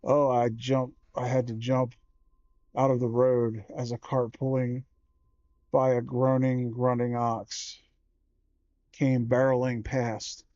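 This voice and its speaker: A man reading a children's horror book aloud, slow and measured with small self-corrections. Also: medium pitch, little pitch movement, dark tone, no room sound, dull audio.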